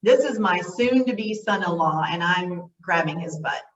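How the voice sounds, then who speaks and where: A woman's voice: lowish voice, animated, measured pace. A middle-aged woman presenting a self-care workshop in a folksy, encouraging way, speaking straight to her listeners. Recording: echoey, distant, dull sound.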